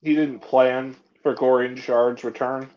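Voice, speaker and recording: A man joining a casual online discussion over a video call, easygoing and quick to laugh. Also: medium pitch, flat delivery, a crowd in the background. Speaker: guest panelist. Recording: dull online call audio.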